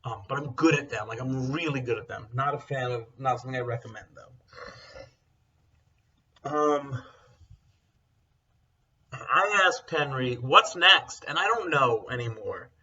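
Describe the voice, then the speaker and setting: Rambling, bright-voiced young man. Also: mid-range voice, animated, measured pace, long pauses. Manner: rambling, blunt, full of fillers. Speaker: co-host. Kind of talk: casual chat. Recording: dull, distant mic sound.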